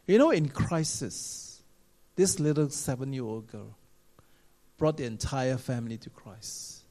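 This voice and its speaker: A man preaching a sermon, telling a story with many "you know" fillers and swinging between loud exclamations and quiet asides. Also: mid-range voice, animated, measured pace. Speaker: pastor.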